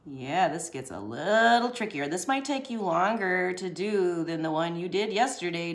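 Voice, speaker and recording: A woman's voice: on the low side, expressive, unhurried, reverberant. A woman giving a casual drawing lesson as she sketches. She talks in a chatty, slangy way and laughs often. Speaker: drawing teacher.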